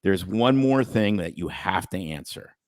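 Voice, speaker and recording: A man's voice: deep voice, animated, a little slow, dry recording, studio quality. A man hosting a podcast, giving blunt and emphatic opinions in casual chat. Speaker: podcast host.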